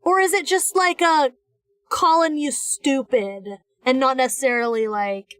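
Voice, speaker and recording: Playful, fairly high-voiced woman. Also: measured pace, a bit bright, clear, resonant tone, no room sound. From United States. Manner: playful, rambling, with restarts and teasing asides. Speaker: streamer. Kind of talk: casual live-stream chat while drawing.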